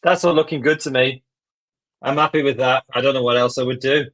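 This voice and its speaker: A man's voice: mid-range voice, fairly even intonation, fairly quick, fairly bright tone. A man from Northern Ireland leading a live online design lesson in a casual, chatty way, thinking aloud as he works. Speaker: tutor.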